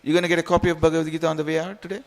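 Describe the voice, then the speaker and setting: Rapid-fire and fairly high-pitched, his delivery shows little pitch movement. This man, in his forties and originally from India, teaches scripture informally in a temple hall, joking, repeating phrases and urging his listeners on.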